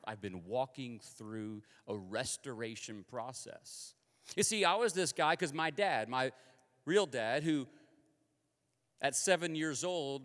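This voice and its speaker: A man from Kansas preaching a sermon in a lively, conversational and confessional way, with a long hall reverb on his voice. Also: mid-range voice.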